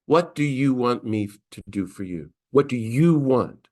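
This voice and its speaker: A middle-aged priest teaching a class on scripture, lively and conversational, briefly acting out the voices of the figures he quotes. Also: mid-range voice, measured pace. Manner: animated, acts out quoted voices. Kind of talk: lecture on scripture.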